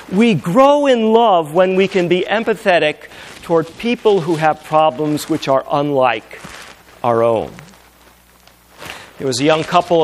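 High-voiced man preaching a sermon. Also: a little hiss or hum. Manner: swings between loud emphatic passages and hushed intimate storytelling.

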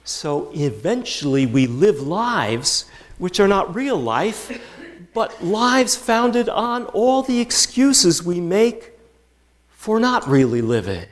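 A male pastor delivers a sermon in an animated storytelling manner. His fairly high voice climbs as he drives home each point, and he leaves playful pauses for effect. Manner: animated storytelling, rising with emphasis.

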